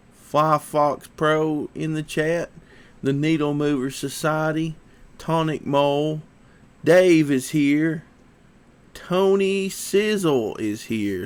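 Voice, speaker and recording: A laid-back male livestream host chats casually, his voice fairly high, slow, clear, and resonant. He's sniffly from allergies and easygoing and talkative, coaxing his dog along the way.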